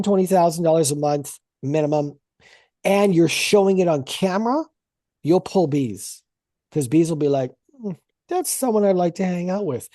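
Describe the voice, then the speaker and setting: Woman sales coach on a video call, mellow voice, super dry close sound, blunt n swears a lot. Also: sits low, no room sound. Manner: blunt, profane, energetic. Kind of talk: live group coaching call.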